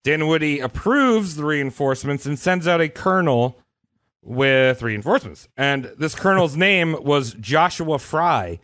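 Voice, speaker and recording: A man's voice: a little high, animated, a little slow, fairly bright tone, dry recording. A man casually retelling history on a comedy podcast, irreverent and profane, often slipping into voices for the people in the story. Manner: irreverent storytelling, puts on voices for historical figures, swears freely. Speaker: podcast co-host telling history.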